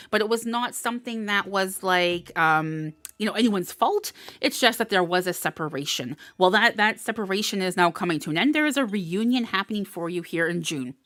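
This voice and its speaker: A woman's voice: mid-range voice, fairly bright tone, no echo. Woman, tarot reader on a live stream; chatty, upbeat, laughs a lot. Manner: chatty and upbeat, laughing often, with many fillers. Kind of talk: live collective tarot reading.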